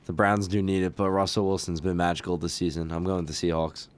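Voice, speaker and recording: Excitable young man with a low voice. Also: fast talker. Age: young adult. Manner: excitable, protesting. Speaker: co-host. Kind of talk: casual sports chat.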